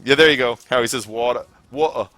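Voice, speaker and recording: A man's voice: medium pitch, steady tone, fast talker, pushed and bright, dry recording. Chatty American man streaming games. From United States. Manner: chatty, rambling, laughs at own jokes. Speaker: streamer hosting game lobbies. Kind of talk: casual live-stream commentary. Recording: faint background music.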